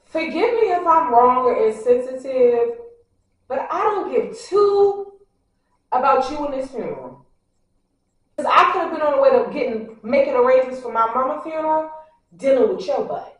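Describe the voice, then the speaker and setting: A woman vlogger telling a story casually to her viewers, animated and acting out what people said. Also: high voice, a little fast, muffled recording. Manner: talks straight to the audience, addressing them directly. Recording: very echoey, a bit far from the mic.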